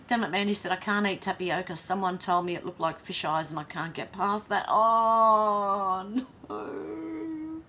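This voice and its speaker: A woman's voice: mid-range voice, unhurried, sharp tone, a little hiss or hum. An Australian woman hosting a casual livestream, reading viewer comments aloud and chatting with frequent laughs. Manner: chatty, reads chat messages aloud, laughs often. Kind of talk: casual chat.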